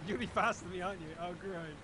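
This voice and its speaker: A man's voice: high-pitched, rapid-fire. A man calling out tactics to teammates in a tank game, teasing them in mock anger. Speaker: gamer teammate on voice chat. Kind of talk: gaming voice chat. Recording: noisy voice chat line.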